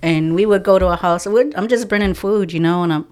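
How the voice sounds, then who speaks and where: A woman with a low, smooth and resonant voice tells a story in relaxed podcast talk. She is animated, slips into the voices of the people she quotes, and laughs now and then. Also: brisk. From from a First Nations reserve community. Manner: animated storyteller acting out dialogue, laughing often. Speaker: guest, community outreach organizer.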